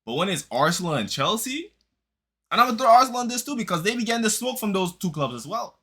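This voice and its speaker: A man in a heated football reaction rant, speaking in street slang with a mocking edge. His voice is sharp and forceful and sits a little high. He keeps circling back to the same lines to hammer his point home. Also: big pitch swings, fast, breathy edge. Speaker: football fan commentator. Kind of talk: reaction commentary.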